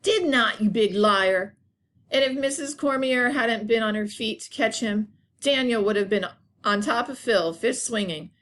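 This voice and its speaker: A woman's voice: a little high, normal speed, a bit bright. A woman teacher narrating a children's chapter book aloud for young students. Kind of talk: children's story read-aloud.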